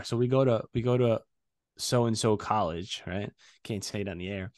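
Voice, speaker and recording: A man co-hosting a podcast, telling a story in casual, profane, animated chat. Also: fairly low pitch, unhurried, dry recording, studio quality. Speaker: podcast co-host. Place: podcast studio.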